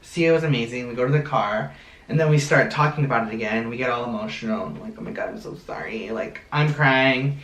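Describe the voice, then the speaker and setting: A young man in a casual storytime vlog, animated and acting out quotes. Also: medium pitch, fairly quick. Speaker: vlog co-host. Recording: roomy sound from a distance.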